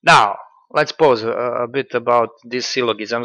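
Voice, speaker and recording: A man giving casual political commentary in a halting, sardonic way, full of fillers. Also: medium pitch, sharp tone, dry recording.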